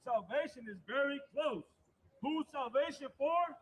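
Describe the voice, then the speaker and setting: A man's voice: extremely high pitch, measured pace, poor audio. A man preaching with emphatic, repetitive delivery, calling out directly to his listeners. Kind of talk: street-style preaching on a live podcast.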